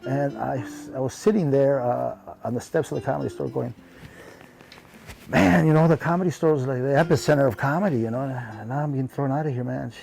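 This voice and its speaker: A comedian appearing as an interview guest recalls old friends in reflective conversation, loose and heartfelt, leaning on "you know" and acting out remembered dialogue in their voices. His voice is heavily gravelly and dark-toned, medium in pitch and fairly quick, with faint guitar playing softly underneath.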